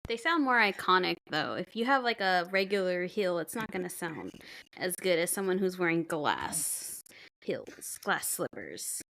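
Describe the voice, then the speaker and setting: A woman co-hosting a podcast, chatting casually with quick reactions and playful asides. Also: lowish voice, big pitch swings, a bit bright. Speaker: podcast co-host. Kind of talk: casual chat.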